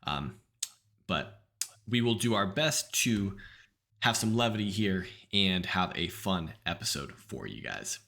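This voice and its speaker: A man's voice: sits low, big pitch swings, measured pace, vocal fry, pushed and bright. A man hosting a podcast in loose, casual chat. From United States. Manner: loose and chatty, many "like" fillers. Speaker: podcast host.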